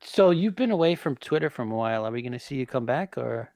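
Brief: male podcast host, mid pitch, hesitant, casual. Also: lively intonation, quick pace, darkish tone, no room sound. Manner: hesitant, trails off.

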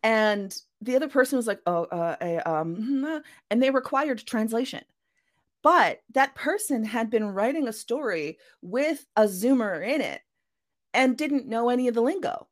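A woman author appears as a podcast guest, speaking at a normal speed in a fairly high voice with lively intonation. She's chatty and casual, acting out little quoted voices to explain her point.

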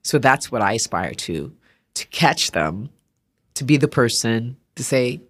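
A woman artist speaks in a very deep, husky voice at a measured pace as a podcast guest. Her conversation is full of animated stories, with the voices of quoted people acted out.

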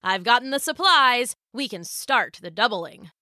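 A woman's voice: a little high, animated, a little slow, bright, forceful tone, dry recording, studio quality. A woman voicing a flustered middle-aged male farmer who is easily rattled, in a storybook tale. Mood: relieved.

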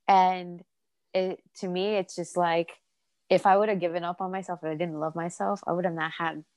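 Colombian-born mom, earnest, repeats herself, dry close sound. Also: female voice, fairly low pitch, little pitch movement, moderate pace, a little mellow, no echo. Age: adult mother of four. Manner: earnest, repeats phrases for emphasis. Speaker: podcast guest. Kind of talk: heartfelt interview talk.

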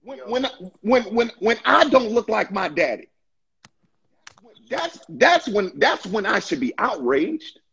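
A man in a casual faith discussion, talking in an impassioned, preachy way with stammering restarts and a husky voice. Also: high voice, very animated, unhurried, fairly bright tone, lo-fi sound.

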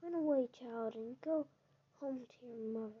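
A woman reading aloud voices a vain, beautiful young woman in a white dress who gushes and then turns sharp and dismissive. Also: on the high side, moderate pace, slightly rough, lo-fi sound. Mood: flustered.

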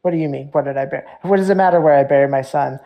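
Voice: medium pitch, very fast, gravelly, dull audio, a little hiss or hum, lightly acted. A game master voicing an agitated, grieving male village priest who stammers out defensive accusations. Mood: defensive anger.

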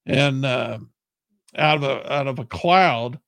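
A man's voice: medium pitch, slow, gravelly, a bit bright, clean tone, no echo. A man preaching a sermon in an earnest, plain-spoken way.

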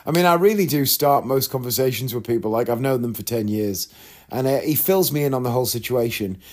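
A man's voice: mid-range voice, brisk, darkish tone. A man talking casually to his viewers, open and candid, wandering through asides as he recounts what happened. He slips into the voices of people he met along the way and keeps an easy, conversational flow. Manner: chatty, candid, rambling with asides and quoted voices. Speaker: vlogger. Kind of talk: casual storytelling to camera.

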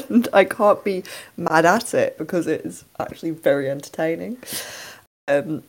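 A woman co-hosting a film podcast, chatting animatedly and laughing as she sums up a film. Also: deep voice. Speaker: podcast co-host. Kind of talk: casual film review chat.

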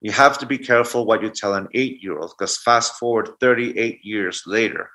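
A man's voice: on the low side, moderate pace, pushed and bright. A man in his forties, a guest telling a reflective personal story and often restarting mid-thought. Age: 40s. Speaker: guest speaker.

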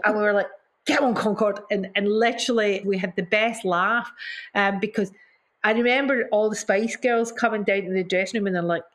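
A woman's voice: medium pitch, steady tone, brisk, a bit bright. A middle-aged woman, a singer being interviewed, telling stories in an effusive way, repeating herself and acting out quotes. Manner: acts out quotes with gasps and mimicry. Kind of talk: casual storytelling in an interview.

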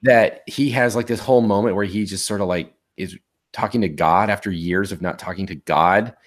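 A man in his forties co-hosting a podcast, talking casually in a rambling, halting way with many restarts. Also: deep voice. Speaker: podcast co-host. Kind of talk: casual chat.

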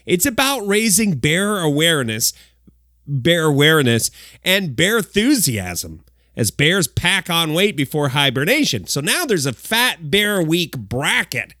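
A man hosts a comedic news countdown. His voice sits a little high and swings widely as he throws in exaggerated asides. The studio sound is close and dry. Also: unhurried, no echo. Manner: animated, jokey, exaggerated asides. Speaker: host of a countdown segment.

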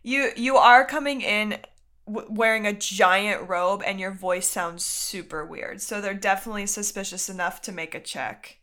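A woman working as game master for a tabletop game, calling for dice rolls in a quick, stop-start way. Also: mid-range voice, pushed and bright.

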